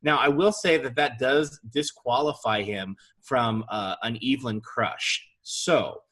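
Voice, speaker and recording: A man's voice: mid-range voice, a little slow, fairly bright tone. A man co-hosting a casual fan podcast, chatty and enthusiastic. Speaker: podcast co-host.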